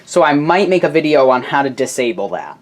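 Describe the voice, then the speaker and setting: A man chatting casually while filming at home, narrating in a rambling way with quick asides and self-corrections. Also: mid-range voice, sing-song. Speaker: appliance video creator. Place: home laundry area. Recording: noisy home camera recording.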